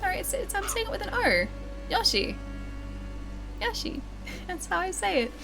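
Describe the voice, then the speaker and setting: A very high-pitched, sing-song voice with vocal fry, she talks fast over music. This Australian-accented livestreamer plays a game live, chatting and giggling with viewers and reading their chat aloud as she answers.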